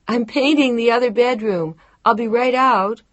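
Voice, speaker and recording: A woman voicing a young, pregnant, independent woman in an audiobook, with a playful, bright way of talking. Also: on the low side, expressive, normal speed, husky, dry recording, highs cut off. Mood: calling out.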